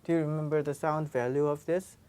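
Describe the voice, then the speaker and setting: A woman's voice: low-pitched, steady tone, a little fast, dark tone. A woman teaching pronunciation in a classroom lesson, patiently repeating each sound. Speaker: Korean language teacher.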